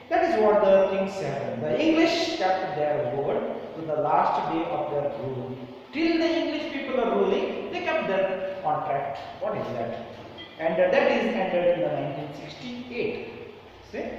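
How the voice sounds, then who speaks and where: Male teacher, high and lively, questions the class often; distant, echoey, lo-fi hall sound. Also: a little hiss or hum. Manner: animated, questioning, repeats phrases. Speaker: English teacher. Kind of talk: classroom lesson explanation. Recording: echoey, distant, dull room recording.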